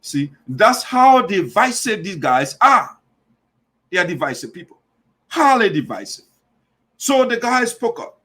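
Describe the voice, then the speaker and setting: A man's voice: high-pitched, sing-song, a little slow, long pauses, bright, forceful tone. A man from Liberia with a Liberian English accent, hosting a political commentary show, talking emphatically and repeating himself with restarts. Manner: emphatic, repetitive, restarts mid-phrase. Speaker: show host.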